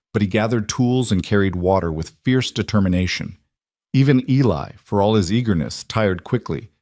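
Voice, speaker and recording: Male narrator for a western story read, lowish pitch, dry close sound, steady measured delivery. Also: no echo.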